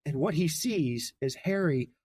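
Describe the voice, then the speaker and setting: Animated young man, slightly high voice. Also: breathy edge. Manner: animated, laughs often, quick character voices. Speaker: podcast host. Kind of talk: casual podcast chat, retelling a book.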